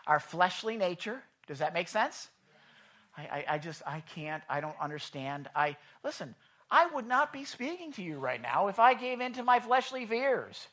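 A pastor preaching a sermon to a congregation, chatty and animated, acting out the people in the stories and asking the room questions. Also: mid-range voice, normal speed. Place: church in front of a congregation.

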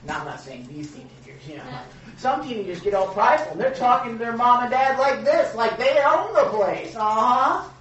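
A man co-hosting a casual Bible teaching, animated and joking, with emphatic rhetorical questions. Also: very high voice, moderate pace, dull audio. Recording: echoey room from a distance.

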